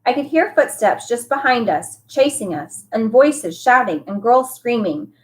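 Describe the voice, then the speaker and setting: A woman who teaches, reading a novel aloud with expressive storytelling. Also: on the high side, a little slow.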